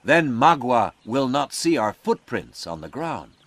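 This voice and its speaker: A man doing a calm frontier scout. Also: mid-range voice, a little slow, dry recording. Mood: calm commanding. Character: steady adult male frontier scout.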